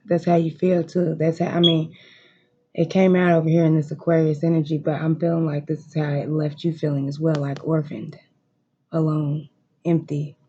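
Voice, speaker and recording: Tarot reader, emphatic and repetitive, swears a lot, dark mellow tone, slightly muffled lo-fi home recording. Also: mid-range voice, little pitch movement, normal speed, slight background noise. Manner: emphatic, repetitive, profane, emotionally intense. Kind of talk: tarot card reading, direct address to viewers. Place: room at home.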